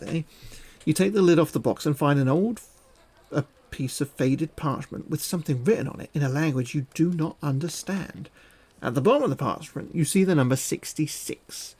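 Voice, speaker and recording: A man reads a fantasy gamebook on a live stream and breaks off often for crude, cheeky jokes. His voice is a little high and has a gravelly texture. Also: a little mellow. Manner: crude, joking asides. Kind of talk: reading a gamebook aloud with banter.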